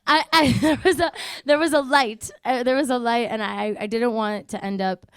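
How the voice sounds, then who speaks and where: Young woman, singer as interview guest, high-pitched, laughs a lot, rambling chatty stories, dry close sound. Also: steady tone, normal speed, smooth, no echo. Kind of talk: casual radio interview chat.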